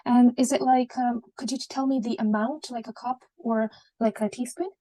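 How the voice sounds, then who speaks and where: A woman role-playing a junior doctor, speaking gently and reassuringly with many okays. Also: a little high, steady tone, normal speed, no echo, natural voice.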